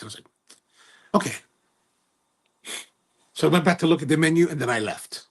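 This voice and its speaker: With a husky, medium-pitched voice, an American cigar livestream host speaks expressively at a quick pace but pauses often. He keeps things casual, reading viewer comments and rambling through stories with plenty of self-corrections.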